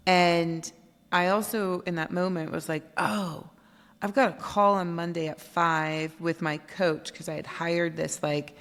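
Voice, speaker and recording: A woman guest on a podcast, telling her story in an animated way and acting out quoted dialogue. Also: fairly low pitch, measured pace. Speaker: guest, company founder. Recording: long reverb.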